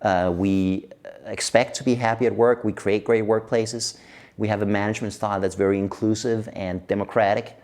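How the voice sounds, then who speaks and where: A middle-aged man from Denmark, a guest in an interview who tells stories in a lively way and laughs often. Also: on the low side, moderate pace. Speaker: guest expert on workplace happiness. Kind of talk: casual interview chat.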